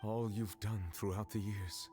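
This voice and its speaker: A man's voice: lowish voice, flat delivery, over music, natural voice. A man voicing a grave, formal dragon judge. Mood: solemn. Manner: formal, deliberate and solemn. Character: grave male dragon sovereign and judge, solemn. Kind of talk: video game cutscene dialogue.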